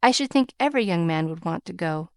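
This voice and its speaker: Woman narrator as a shy young governess; soft, smooth, dry studio sound. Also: lowish voice, animated, fast, dry recording. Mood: bashful. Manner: bashful, soft.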